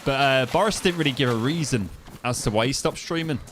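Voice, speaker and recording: A man's voice: medium pitch, brisk, fairly bright tone, slight background noise. Chatty East Midlands man streaming a game. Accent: East Midlands English. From East Midlands, England. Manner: chatty, rambling, trails off and restarts. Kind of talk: casual gameplay commentary.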